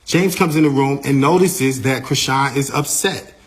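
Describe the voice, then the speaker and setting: A man, an artist's manager, recounting a backstage incident in a lively, casual way, repeating himself and using slang. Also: medium pitch, moderate pace. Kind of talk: animated storytelling.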